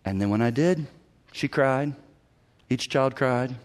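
A middle-aged pastor preaches slowly in a medium-pitched voice, animated throughout, frequently acting out other people's voices and erupting in sudden loud bursts.

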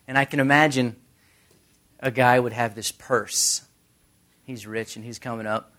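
A man preaching a casual sermon who tells stories and briefly acts out the crowds. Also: mid-range voice. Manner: conversational, animated storytelling with quick voices for crowds. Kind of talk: casual sermon with acted-out scenes.

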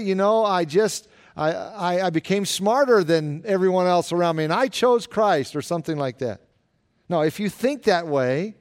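A man with a high voice preaches a sermon. He talks earnestly and slows right down to weigh each quoted verse. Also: darkish tone. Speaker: pastor.

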